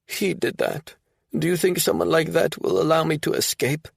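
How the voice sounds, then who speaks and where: A man's voice: a little high, normal speed, vocal fry, slightly rough, no echo, studio quality, voice pushed up, full character voice. A man voicing a frightened, battered young woman who pleads fearfully in an audiobook.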